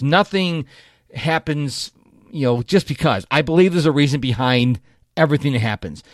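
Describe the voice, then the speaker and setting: A man hosts a chatty motivational podcast alone, his voice slightly high and swinging widely in pitch. He speaks directly to listeners and corrects himself as he goes. The sound is dry, with no room echo. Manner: animated, chatty, self-correcting, talks straight to listeners. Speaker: podcast host. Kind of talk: solo motivational podcast monologue.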